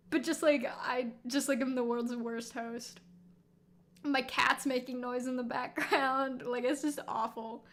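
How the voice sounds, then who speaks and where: A woman streaming a game, chatting casually with lots of laughs and self-mocking asides. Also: sits high. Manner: giggly, rambling, self-mocking.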